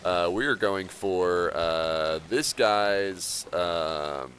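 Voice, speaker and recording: A man casually commentating his game stream, relaxed and rambling, often chuckling as he talks. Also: low voice, drawn-out words, a little hiss or hum.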